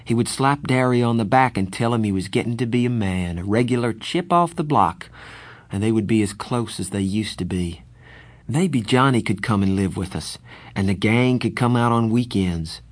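A man narrating an audiobook in the first person, with a steady, reflective storytelling manner. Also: lowish voice, normal speed, no echo.

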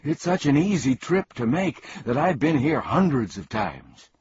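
A man's voice: a little high, sing-song, measured pace, a little mellow, voice pushed up. A man putting on a confused, changeable man. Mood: eager. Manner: swings between boastful and mournful. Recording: dull, dry lo-fi recording.

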